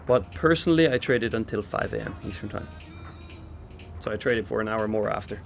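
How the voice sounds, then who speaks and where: A man's voice: lowish voice, fairly quick, creaky, slight background noise. Chatty male live trading host. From Switzerland. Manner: chatty, reads out and answers viewer chat while trading. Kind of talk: casual live market commentary. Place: in London for a trading expo.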